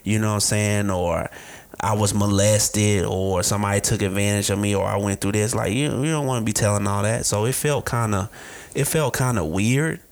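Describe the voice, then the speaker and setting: Laid-back man with a low voice. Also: normal speed. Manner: animated storyteller acting out dialogue. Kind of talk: casual chat.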